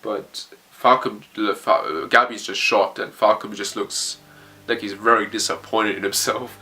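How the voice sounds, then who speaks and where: A man reading a manga chapter aloud as he reacts, blunt and excitable, swearing freely. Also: fairly low pitch, normal speed.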